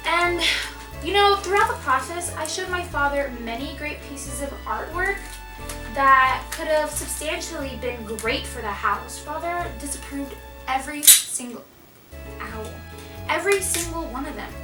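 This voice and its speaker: With music in the background and her voice off-mic, a young woman vlogs from a reverberant room at home while wrapping gifts. She talks unhurriedly in a high register, rambling, getting sidetracked, and making fun of herself. The sound comes from her camera's microphone.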